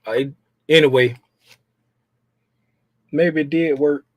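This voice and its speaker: A man's voice: fairly high pitch, steady tone, slow, dry recording. Frustrated man muttering while trading. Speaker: trading channel host. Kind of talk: casual live commentary while trading.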